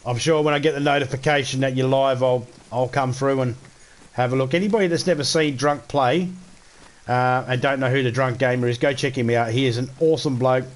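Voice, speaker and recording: A man's voice: medium pitch, steady tone, fairly quick. An Australian man chatting casually to viewers as he streams a survival game, joking and swearing freely. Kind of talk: casual live-stream chat while playing.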